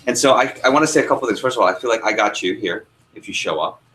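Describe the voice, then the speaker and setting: A man's voice: lowish voice, very fast, fairly bright tone, poor audio. A young man, a sales trainer, teaching a workshop room and telling a story, asking the audience questions as he goes.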